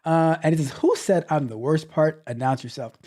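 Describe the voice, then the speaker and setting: A man's voice: a little high, normal speed, mellow. A man hosting a tech livestream in casual chat, playfully reading viewer comments aloud and teasing them, often repeating himself. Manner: repeats phrases, loose and chatty.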